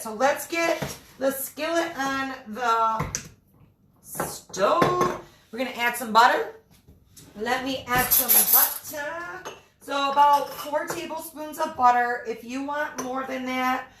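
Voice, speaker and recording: A woman's voice: fairly high pitch, a bit bright, reverberant. A woman from Michigan hosting a casual live cooking stream from her home kitchen, chatting and greeting viewers by name as she cooks. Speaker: livestream cooking host.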